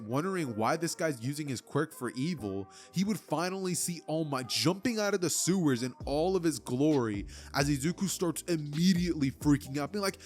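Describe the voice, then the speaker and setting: A man casually narrating a fan what-if story, rambling with lots of fillers. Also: a little high.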